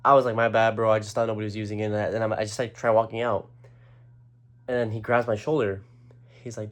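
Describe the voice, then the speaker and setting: A man's voice: lowish voice, fairly even intonation, fast talker. A young man casually telling a rambling story, full of slang and fillers. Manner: rambling, slangy, lots of "like" and "bro".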